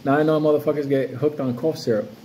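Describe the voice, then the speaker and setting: A man's voice: on the high side, fairly even intonation, fast talker, warm tone, slight background noise. A man ranting casually to camera about crypto, profane and swaggering, jumping from story to story. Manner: profane, loose, swaggering, jumps between stories. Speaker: crypto vlogger. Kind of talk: casual unscripted rant to camera.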